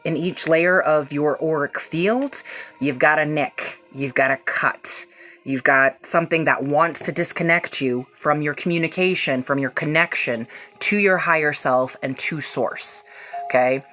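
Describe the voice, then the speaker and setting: Low-voiced, effusive woman hosting a reiki livestream. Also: a little slow, fairly bright tone. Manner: effusive, affectionate and swearing freely. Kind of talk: casual livestream energy-healing session.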